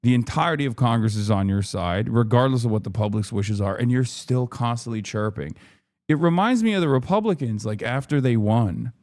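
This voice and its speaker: A man's voice: mid-range voice, animated, brisk, a little mellow, no echo, clean studio sound. A man hosting a live stream, giving heated, profane political commentary and sometimes slipping into mocking put-on voices. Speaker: streamer host.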